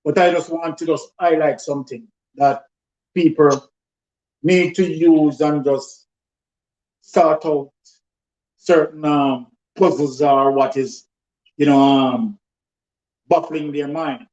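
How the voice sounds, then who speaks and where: A pastor speaks very slowly in a fairly high voice, pausing often with ums. His voice rings in an echoey room, and the audio is dull and lo-fi. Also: steady tone, darkish tone. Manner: hesitant, many ums, builds to scripture. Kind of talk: slow preaching talk.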